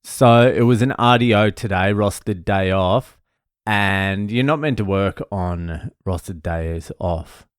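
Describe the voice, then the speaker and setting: Australian man, comedian host, casual storytelling, lots of swearing, lowish voice, dry close sound. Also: slow, clear, resonant tone, no room sound. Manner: loose, swearing, laughing storyteller.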